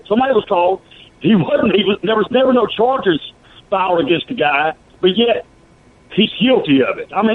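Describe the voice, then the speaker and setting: A man calling into a sports radio show, arguing his point in an emphatic, insistent way and tossing in "okay" again and again. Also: high-pitched. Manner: emphatic, argumentative, keeps saying "okay". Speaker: caller. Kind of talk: call-in radio talk. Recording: tinny phone line.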